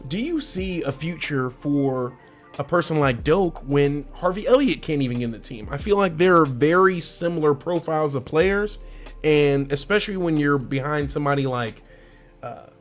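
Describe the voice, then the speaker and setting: A man hosting a casual football transfer talk, animated and slangy, laughing often and asking the fans questions directly. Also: fairly high pitch. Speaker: sports channel host.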